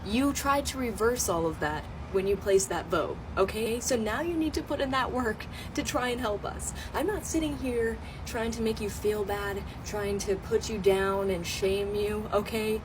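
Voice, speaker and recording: Brief: woman, firm and insistent, filmed in a car with clear road noise. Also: mid-range voice. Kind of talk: social media appeal to camera.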